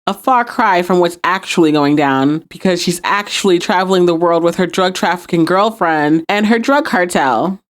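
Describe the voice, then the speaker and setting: A woman's voice: lowish voice, normal speed, few pauses. A woman hosting a podcast, recapping and reviewing a TV episode and acting out quoted lines. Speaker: podcast host.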